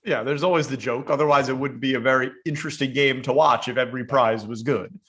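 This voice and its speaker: A man's voice: medium pitch, steady tone, quick pace, fairly bright tone. A man co-hosting a podcast in casual chat, teasing his partner and arguing his points at length. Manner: teasing, wordy and argumentative. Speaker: podcast co-host.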